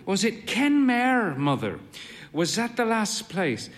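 A man's voice: high voice, very animated, slow, voice pushed up, heavily acted. A man voicing a fey, thin, mischievous man in late middle age who croons and jokes. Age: middle-aged. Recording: long hall reverb.

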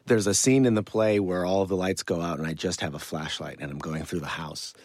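A man's voice: deep voice, brisk, dry recording. A man who acts on stage, a guest in an interview, telling backstage stories with enthusiasm. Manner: animated storyteller, enthusiastic. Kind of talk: interview conversation.

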